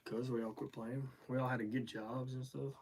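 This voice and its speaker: A man's voice: medium pitch, flat delivery, moderate pace, a little mellow, slightly rough. A man in a casual chat who answers in short, laconic bits. His delivery is offhand and spare, and he says only what he needs to. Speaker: partner dropping into the stream. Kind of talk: casual conversation.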